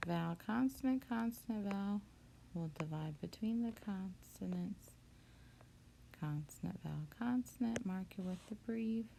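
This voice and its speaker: A woman's voice: mid-range voice, lively intonation, creaky, mellow, rough recording. A woman teacher patiently walking through a phonics spelling lesson step by step. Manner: slow, patient, step-by-step explaining. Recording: noticeable background noise.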